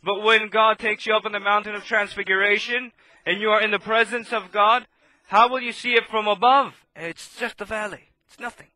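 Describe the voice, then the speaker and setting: A man preaching a sermon, impassioned and swinging between loud outbursts and hushed asides. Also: sits high, little pitch movement, a little fast, dry recording.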